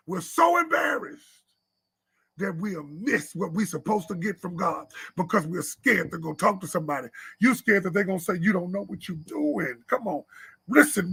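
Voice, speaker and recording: Raspy, bright-voiced man preaching with fervor. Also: high voice. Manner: impassioned preaching, repeating lines, sometimes shouting. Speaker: preacher at a men's church meeting. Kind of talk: sermon. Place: church live stream.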